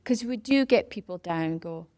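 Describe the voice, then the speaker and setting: A woman's voice: medium pitch, moderate pace, no echo. A middle-aged Scottish woman in a casual interview, chatting about starting a community run and acting out what people said. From Scotland. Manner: animated storytelling, acts out quoted voices. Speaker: parkrun founder.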